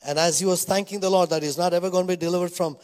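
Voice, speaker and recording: An older male pastor delivering a sermon in a slightly raised voice. He reads scripture slowly and tells stories with frequent fillers. His voice carries a long hall reverb. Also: sits high, fairly even intonation, darkish tone.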